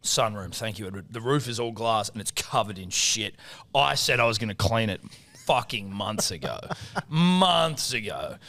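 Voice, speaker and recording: Aussie co-host, bright voice, swears a lot, animated storytelling. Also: male voice, fairly low pitch, normal speed. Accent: Australian. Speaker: podcast co-host. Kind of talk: casual sports betting chat.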